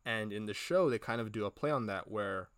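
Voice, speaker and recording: A man's voice: on the low side, a little fast, clean tone, no room sound, studio quality. Rambling, chatty male podcast cohost. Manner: rambling, animated retelling with many fillers and acted quotes. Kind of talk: casual review chat.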